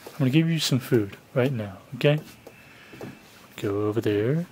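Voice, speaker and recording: A man's voice: medium pitch, expressive, moderate pace, a little mellow, slight background noise. A young man filming his cat at home, chatting casually and coaxing it in a raised voice, recorded on a handheld camera. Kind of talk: casual home video commentary. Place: family home indoors.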